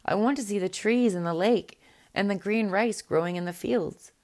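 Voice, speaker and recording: A woman's voice: medium pitch, moderate pace, a little mellow, natural voice. A woman voicing a small, sad male songbird that longs to be free, speaking plaintively in a storybook reading. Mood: wistful.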